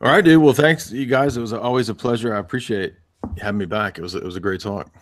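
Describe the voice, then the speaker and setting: A man appearing as a podcast guest in casual chat, speaking in a halting, mumbled way. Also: on the low side.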